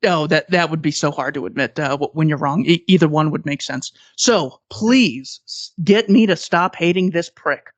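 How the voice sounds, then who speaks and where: A man hosting a podcast who asks questions in a halting way and stumbles on his words. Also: on the high side, no room sound. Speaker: podcast host. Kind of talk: casual interview. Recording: dry, dull lo-fi sound.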